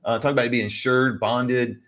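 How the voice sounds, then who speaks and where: A man's voice: medium pitch, steady tone, a little fast, a bit bright. A man co-hosting a casual advice chat, rambling through a story and calling viewers "guys". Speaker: co-host. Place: lives in California.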